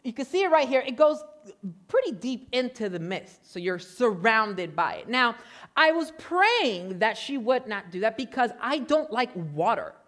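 A man from Puerto Rico preaching a sermon, excitable and prone to getting loud, telling stories with self-deprecating humor. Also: extremely high pitch, measured pace. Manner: excitable, gets loud when animated. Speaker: pastor.

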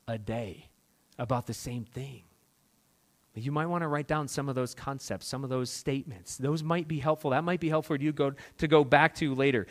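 A male pastor preaching a sermon, rising to loud urgent questions and dropping to quiet, prayerful tones. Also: mid-range voice. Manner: dramatic swings between loud urgent questions and quiet prayerful near-whispers.

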